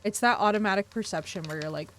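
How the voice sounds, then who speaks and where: A woman streamer chatting casually with her viewers, effusive, unfiltered and animated. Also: medium pitch, fast talker.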